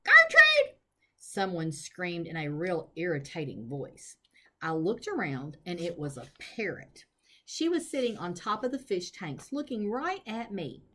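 A woman reading a children's novel aloud in an expressive, storytelling manner. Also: lowish voice, unhurried. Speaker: reader.

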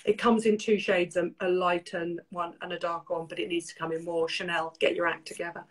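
A woman's voice: on the low side, flat delivery, a little fast, low-quality recording. An older British woman hosting a casual beauty chat, opinionated and chatty, telling stories full of quoted lines. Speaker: beauty show host.

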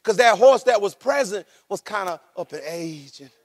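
A male pastor preaching a sermon. He tells the story with lively energy, laughs as he goes, and swings between shouting and dropping his voice low. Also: moderate pace. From rural United States.

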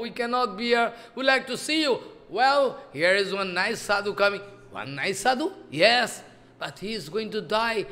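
Animated high-voiced man preaching. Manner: animated, acts out dialogue with rising voice; repeats phrases, asks listeners questions. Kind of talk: storytelling sermon. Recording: long hall reverb.

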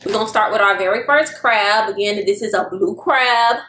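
A woman's voice: mid-range voice, moderate pace, sharp tone, a little hiss or hum. Chatty young woman, echoey room. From Florida, US. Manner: chatty, drawling, speaks to viewers as y'all. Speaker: vlogger. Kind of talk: casual chat to camera. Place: indoor room at home, seated at a table.

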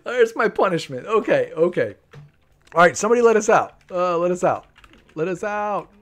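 A man's voice: sits high, expressive, moderate pace, fairly bright tone. A man in his thirties hosting a live game stream from home, playful and chatty, often repeating himself and laughing, speaking into a desk microphone. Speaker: livestream gaming host. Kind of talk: live gameplay commentary. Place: home room.

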